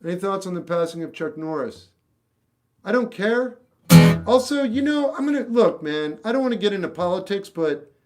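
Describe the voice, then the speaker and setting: A man hosting a casual livestream, reading chat questions and giving blunt, off-the-cuff opinions. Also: on the high side. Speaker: livestream host answering chat. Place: home room with a record collection.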